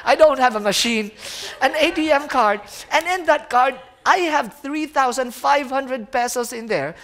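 A young man, preaching as a guest speaker and telling a personal story in an animated way, often calling his listeners friends. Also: very high-pitched, unhurried. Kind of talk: sermon storytelling.

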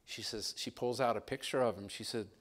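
Animated male pastor telling a story. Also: lowish voice, brisk. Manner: animated storyteller, rising and louder when excited. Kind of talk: sermon with storytelling.

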